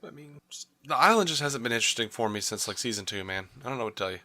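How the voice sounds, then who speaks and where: A man's voice: mid-range voice, animated, rapid-fire, sharp tone, dry recording. A man co-hosting a podcast, chatting casually about a TV episode in a laid-back, wry way. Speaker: podcast co-host. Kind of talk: casual TV review chat.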